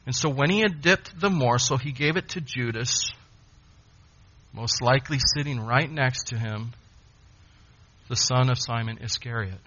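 A man preaching a sermon, emphatic, with dramatic pauses. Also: medium pitch, pushed and bright, dull audio, a little hiss or hum.

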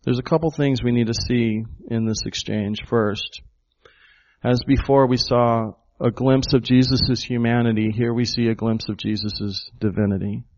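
A man's voice: medium pitch, fairly even intonation, normal speed, darkish tone, dull audio. A man preaching a sermon, emphatic and full of rhetorical questions to the congregation. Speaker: pastor.

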